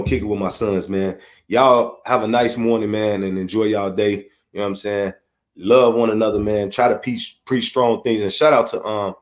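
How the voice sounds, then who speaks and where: Profane ranting Chicago man, echoey room. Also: lowish voice. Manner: profane, blunt, heated, repetitive. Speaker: podcast host. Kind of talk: unfiltered rant.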